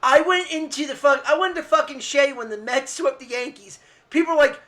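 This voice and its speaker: A co-host on a live-streamed talk show, telling an excited, profane story. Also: high voice, brisk, hardly any pauses. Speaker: podcast co-host. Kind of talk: casual storytelling chat.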